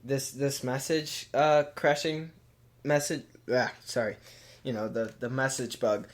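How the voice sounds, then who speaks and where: A man's voice: medium pitch, steady tone, unhurried. Rambling man co-hosting a tech podcast. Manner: rambling, thinks aloud with many "like"s. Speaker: podcast co-host. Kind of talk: casual tech podcast chat.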